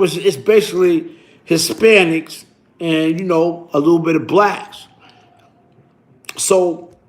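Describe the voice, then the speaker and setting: A man telling a story on his vlog in an animated, boastful way, full of slang and repeated phrases. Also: high-pitched. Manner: slang-heavy, repetitive, boastful.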